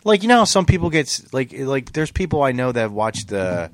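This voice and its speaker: A man's voice: mid-range voice, big pitch swings, fairly quick, no echo. A middle-aged man hosting a podcast in casual chat, profane and rambling with many restarts. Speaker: podcast host.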